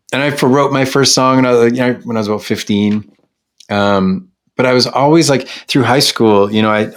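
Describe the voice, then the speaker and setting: A middle-aged man from Canada, a singer-songwriter talking candidly as an interview guest, reflective and self-deprecating with many restarts. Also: fairly low pitch.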